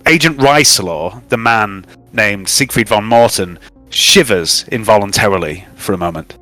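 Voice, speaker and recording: A man's voice: on the low side, moderate pace, pushed and bright, faint music behind. A man narrating and running a tabletop role-playing game as game master, recapping events with frequent fillers.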